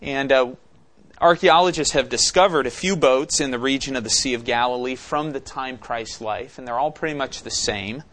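A man's voice: mid-range voice, normal speed, a bit bright. A man preaching an expository sermon, teaching conversationally and asking questions of the congregation. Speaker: pastor.

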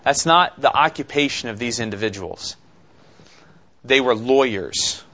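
A man preaching an expository sermon, slow and deliberate, with dramatic pauses and rhetorical questions. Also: mid-range voice, pushed and bright. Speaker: pastor.

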